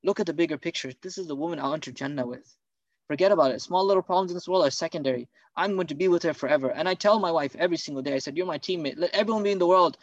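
A man's voice: a little high, rapid-fire, no room sound, dull audio. A man preaching a sermon on marriage, earnest and driven by urgent rhetorical questions.

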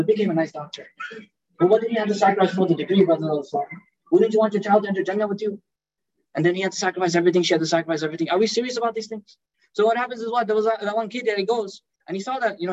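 A man's voice: high-pitched, lo-fi sound. A man giving a sermon as a Muslim preacher, speaking conversationally and addressing the audience as brother.

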